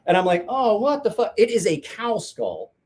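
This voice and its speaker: A man's voice: high-pitched, huge pitch swings, normal speed, a little mellow, breathy edge. A man telling a rambling, profane anecdote in casual chat, laughing along. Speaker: storyteller guest.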